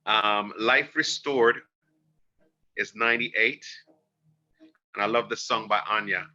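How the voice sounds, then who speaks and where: A man giving a livestreamed oracle card reading, talking in a soft, earnest, emotional and spiritual way. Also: lowish voice, takes it slowly. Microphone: phone. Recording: dull lo-fi phone livestream audio.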